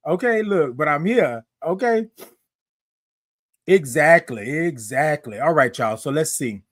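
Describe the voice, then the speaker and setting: A man hosting a live-streamed morning show, chatty and lively, calling out greetings to his viewers. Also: on the high side, no echo, studio quality. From Houston, Texas. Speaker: host.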